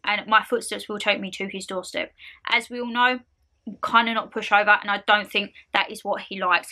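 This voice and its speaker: A young woman ranting to her vlog camera at home, animated and exasperated, full of slangy asides. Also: a little high. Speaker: vlogger. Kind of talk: casual ranting chat to camera.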